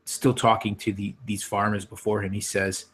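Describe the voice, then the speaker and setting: A man narrating as game master of a tabletop game, talking with many pauses and fillers. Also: on the low side, little pitch movement, a bit bright.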